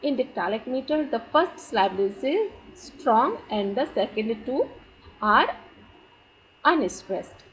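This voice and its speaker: Slow, deliberate woman lecturing. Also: on the high side, big pitch swings, fairly bright tone, a little hiss or hum, rough recording. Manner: slow, deliberate, stresses key terms. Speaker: teacher. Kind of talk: slide lecture on poetry.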